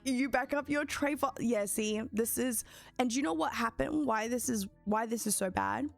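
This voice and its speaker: A young woman chatting excitedly with her viewers while streaming a building game. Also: on the high side, normal speed, creaky, faint music behind. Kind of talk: casual live-stream commentary.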